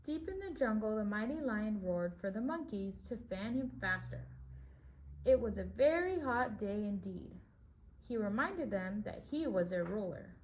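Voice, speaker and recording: A woman's voice: mid-range voice, lively intonation, a little slow, a little hiss or hum. A woman reading a picture book aloud to preschool children as their teacher, stopping to ask them questions about the story.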